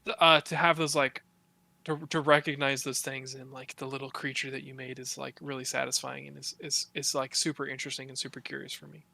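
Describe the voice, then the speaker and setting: A man's voice: mid-range voice, brisk, creaky. A young man hosting a casual podcast, telling stories with lots of fillers and swearing. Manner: swears a lot, many fillers, animated storytelling. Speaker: podcast host.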